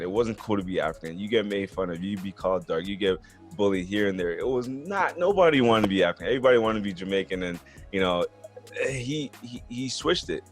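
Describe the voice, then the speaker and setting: A male podcast host with a low-pitched voice, chatting casually and earnestly and dropping "bro" and "man" into his sentences. Faint music sits underneath him. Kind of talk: casual sports podcast chat.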